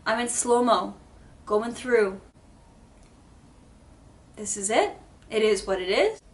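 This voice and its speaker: A woman vlogger telling a dramatic story time, animated and salty with swearing. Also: on the high side, slow. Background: background music.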